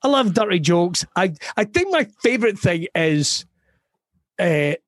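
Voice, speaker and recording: A Scottish comedian in his forties talks in loose, rambling bursts, swearing freely and laughing through his own stories. His voice sits a little high for a man. The sound is close and completely dry. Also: sing-song, unhurried, dry recording. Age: 40s. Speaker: comedian guest. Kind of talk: casual podcast chat.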